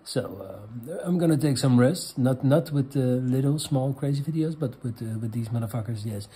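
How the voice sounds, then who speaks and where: A man with a Dutch accent, a native Dutch speaker, hosting a comedy vlog and reading out viewer questions in a crude, rambling, halting way. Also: medium pitch, dark tone. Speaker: host.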